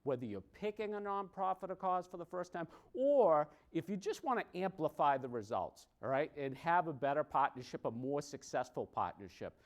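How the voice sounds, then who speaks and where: A man with a Boston accent giving a joking conference presentation, wry and self-mocking, often tagging his points with a quick check-in. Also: a little high, big pitch swings. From Boston, USA. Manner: wry, self-mocking, tags lines with "okay?".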